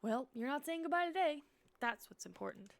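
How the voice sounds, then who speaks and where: A woman voicing a gentle lake in a cozy game, calm and comforting. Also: high-pitched, brisk, vocal fry. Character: gentle reassuring lake spirit.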